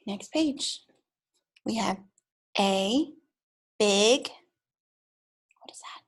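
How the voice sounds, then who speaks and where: A woman teaching young children to read, speaking slowly and encouragingly and drawing out her words. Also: a little high, lively intonation, husky. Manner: slow, drawn-out, encouraging teacher voice. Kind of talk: early reading lesson for young children.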